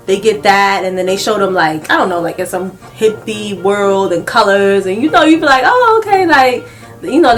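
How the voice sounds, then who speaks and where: A young adult woman telling a casual story-time vlog, animated and laughing a lot as she talks. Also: mid-range voice. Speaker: vlogger.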